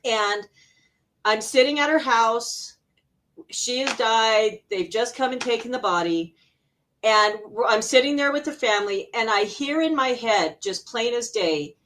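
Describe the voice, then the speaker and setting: Lively middle-aged woman telling her story. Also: on the high side, moderate pace. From Arizona, USA. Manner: animated, laughs often, acts out remembered voices. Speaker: interview guest, intuitive healer. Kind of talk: personal storytelling in a conversational interview.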